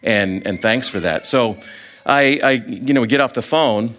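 Middle-aged man, guest preacher, loose storytelling sermon, middling pitch, lively, stumbles and restarts. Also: a little slow, background noise. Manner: animated storyteller, acts out voices, many fillers. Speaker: guest speaker.

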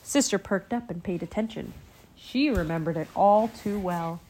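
A woman reading a children's picture book aloud with gentle, expressive storytelling. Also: medium pitch, moderate pace, poor audio. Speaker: storybook reader.

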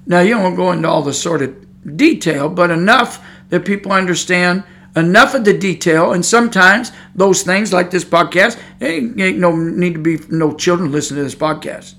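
A man's voice: sits high, moderate pace, fairly bright tone. A man preaching a sermon on his podcast, talking in a fired-up, conversational way and repeating his points.

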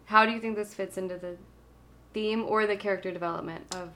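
A woman with a mid-range voice co-hosts a relaxed music podcast. She talks in a chatty, filler-heavy way and laughs easily while giving her take. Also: mid-range voice, fairly quick. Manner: chatty, lots of "like", laughs often. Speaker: podcast co-host. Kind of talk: casual music review chat.

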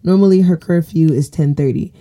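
A woman's voice: low-pitched, fairly quick, mellow. A woman co-hosting a casual podcast, laying out parenting scenarios in a loose, laid-back way with lots of fillers. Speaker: podcast co-host.

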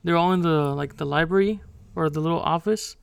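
A man's voice: a little high, brisk, creaky, clean tone, no echo. A young man co-hosting a podcast, talking things through in a hesitant way, restarting often and laughing off tension. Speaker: podcast co-host. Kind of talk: heated casual discussion.

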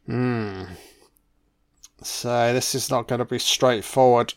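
Male commentator, laid-back and sweary, slow delivery. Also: mid-range voice, smooth. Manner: relaxed, profane, admiring asides. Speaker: film commentator. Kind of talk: casual film commentary.

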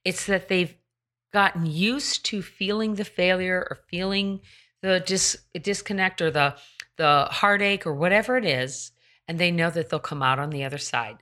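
Low-voiced woman coaching runners. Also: normal speed, pushed and bright. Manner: conversational, with many rhetorical questions; loose and chatty, with fillers and restarts. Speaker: running coach. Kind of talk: solo podcast pep talk.

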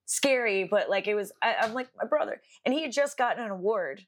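Speaking quickly at a medium pitch, a young woman co-hosts a podcast. Her casual story rambles along with plenty of fillers and swearing.

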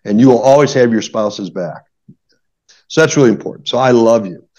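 Speaking fairly quickly in a mellow, medium-pitched voice, a middle-aged man offers marriage-therapy advice on conflict in a conversational podcast. He stays earnest, explains through examples, and often adds "right?" The audio is dull and lo-fi.

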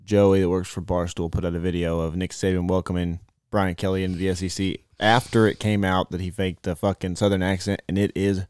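A man's voice: sits low, little pitch movement, a little fast, hardly any pauses, darkish tone, clear, resonant tone, no room sound, clean studio sound. A man co-hosting a casual sports podcast, talking in a laid-back, hedging way that trails off. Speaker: podcast co-host.

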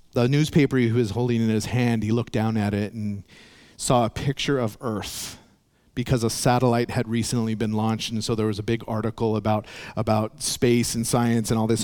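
A man's voice: mid-range voice, steady tone, moderate pace, darkish tone. A male pastor preaching a sermon, telling stories in an earnest way and acting out the voices in them. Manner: storytelling with acted voices, earnest.

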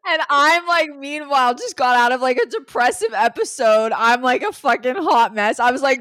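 Young woman, podcast co-host, high voice, dry close sound, casual swearing chat. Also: moderate pace, few pauses, no room sound. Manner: animated, swearing, bursts of laughter.

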